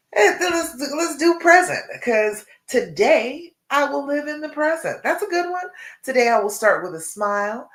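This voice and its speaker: A woman's voice: on the low side, echoey room. A woman love coach, talking to a live-stream audience and checking in often with "okay?" and "all right?". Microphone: live-stream device mic.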